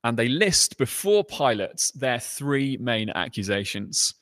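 A man's voice: very animated, takes it slowly, a bit bright, dry recording. Conversational male preacher, dry sound. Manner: conversational, acting out quoted lines with rising pitch. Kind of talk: sermon.

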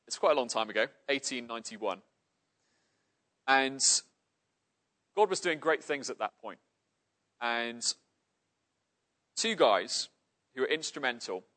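Animated, earnest male preacher. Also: mid-range voice, takes it slowly, long pauses. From Cardiff, Wales. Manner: earnest, emphatic storytelling. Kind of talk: sermon.

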